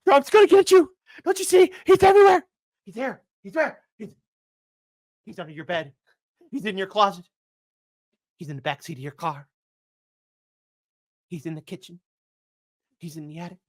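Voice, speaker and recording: A woman acting out a hysterical, panicked liberal who screams in a high voice that someone is everywhere. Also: quick pace, darkish tone, dry recording. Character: shrieking panicked liberal adult, frantic.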